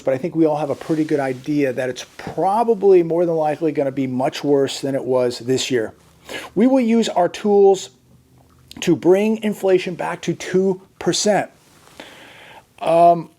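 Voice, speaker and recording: A man's voice: fairly high pitch, warm tone. A middle-aged man, host of his own channel, giving casual, blunt and gloomy commentary, reading quotes aloud and then reacting to them.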